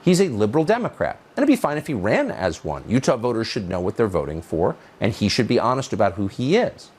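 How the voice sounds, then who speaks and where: Sarcastic husky male commentator. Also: on the low side, very animated, fast talker. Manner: sarcastic, mocking, emphatic. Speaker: political commentator. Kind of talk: scripted monologue.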